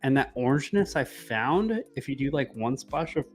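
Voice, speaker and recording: A man chatting loosely over drinks, his voice going hoarse and strained. He talks in a plain middle register with easy, rambling tasting notes. Faint music plays behind him. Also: medium pitch, moderate pace. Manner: relaxed, tipsy banter, explains flavors. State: losing his voice. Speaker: whiskey tasting co-host. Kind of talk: casual chat.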